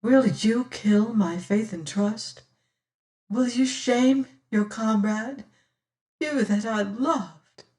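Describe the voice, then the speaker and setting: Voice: medium pitch, very slow, darkish tone, roomy sound, voice pushed up. A reader voicing a proud young woman pleading through tears in an audiobook. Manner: pleading, breaking into sobs and whispers. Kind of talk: audiobook character reading.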